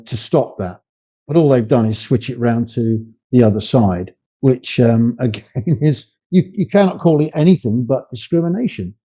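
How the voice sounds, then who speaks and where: Emphatic older man on a call. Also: warm tone. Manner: emphatic, rising in pitch when making a point. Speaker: podcast guest. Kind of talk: conversational interview. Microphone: video call. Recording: muffled lo-fi remote call audio.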